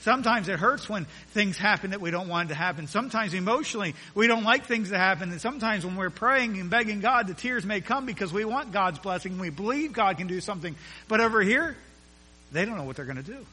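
High-voiced, bright male preacher. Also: animated, quick pace, breathy edge, big-room sound, poor audio. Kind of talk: sermon.

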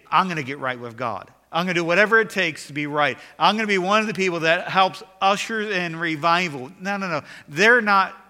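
A man's voice: fairly high pitch, sharp tone. A male pastor preaching a sermon, reading scripture aloud and building emphasis as he goes. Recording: long hall reverb.

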